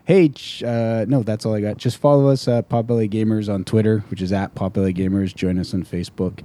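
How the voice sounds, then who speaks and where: Mellow-voiced man rambling through plugs. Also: on the low side, steady tone, fairly quick, a little hiss or hum. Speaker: podcast co-host. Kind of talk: casual chat.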